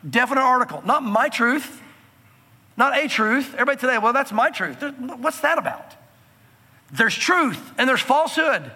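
A man preaching a sermon from the pulpit, earnest and emphatic, slowing down to stress key phrases. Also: very high-pitched, animated, bright, forceful tone, slightly rough, long reverb tail. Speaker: pastor.

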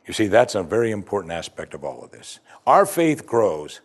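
A man's voice: lowish voice, sing-song, moderate pace, slightly rough. A man preaching a sermon, reading scripture aloud with dramatic emphasis. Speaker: pastor.

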